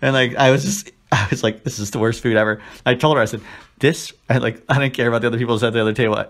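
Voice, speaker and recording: A man's voice: medium pitch, steady tone, rapid-fire. A man in casual chat as podcast co-host, telling a story with crude jokes and put-on voices.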